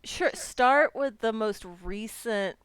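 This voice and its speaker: A woman's voice: on the high side, slow, clear, resonant tone. A woman playing a tabletop game, confused at times, swearing and muttering her dice math. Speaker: player. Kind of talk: casual tabletop play.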